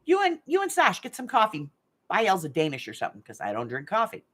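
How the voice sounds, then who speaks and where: Quick and breathy-edged, her medium-pitched voice makes huge pitch swings with a fairly bright tone. The middle-aged host of a craft channel live game chats casually, rambles through stories, and laughs often, all from a hot room at home.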